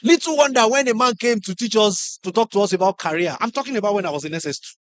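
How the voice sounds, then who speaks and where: A middle-aged man with a Nigerian English accent giving a lively motivational talk to teachers, acting out classroom stories and putting questions to the audience. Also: sits high, quick pace, no echo. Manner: animated storyteller, acts out classroom scenes, asks the audience questions. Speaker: conference speaker.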